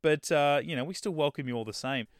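A man's voice: a little high, fast talker, smooth, no echo. A man co-hosting a podcast in casual chat, jokey and often laughing into a close mic. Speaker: podcast co-host.

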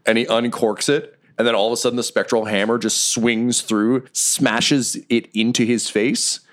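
A man's voice: mid-range voice, flat delivery, normal speed. A man running a tabletop game as dungeon master, narrating the action and often laughing.

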